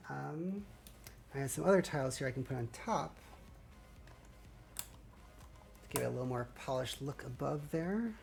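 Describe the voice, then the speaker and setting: Livestreaming her LEGO build, a woman chats casually with viewers in a bass, darkish voice. Her throat sounds dry, and the tone is scratchy and slightly gravelly as she rambles in a friendly way.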